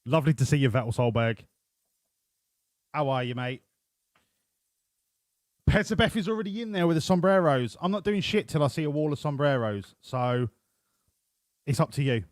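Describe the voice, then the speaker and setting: A man streaming a racing game live, bantering with his chat in a profane, excitable way. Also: on the high side, normal speed, long pauses, no echo, clean studio sound.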